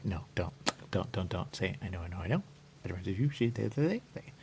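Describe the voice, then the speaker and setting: A deep-voiced man hosts a radio talk show, speaking fast in a sing-song way against background noise. He rambles and repeats himself, circling the same phrases, drifting into sing-song murmurs, and saying "there you go" over and over.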